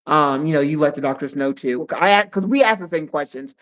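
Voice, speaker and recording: A woman co-hosting a live stream in a casual chat, who speaks warmly and effusively and often repeats herself. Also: sits low, brisk, low-quality recording.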